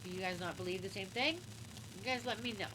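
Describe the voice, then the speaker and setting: A woman's voice: medium pitch, fast, bright, forceful tone, low-quality recording. A woman co-hosting a true crime show, giving her opinions in casual talk and asking the viewers questions directly. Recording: clear background noise.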